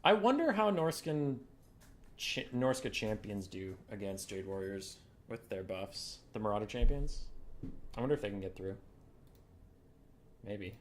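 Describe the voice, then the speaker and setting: A man's voice: lowish voice, sing-song, moderate pace, slight background noise. A man hosting a game tournament on a late-night home stream, tired but chatty, swearing casually. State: sleepy. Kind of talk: casual live-stream chat. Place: home at his desk at night.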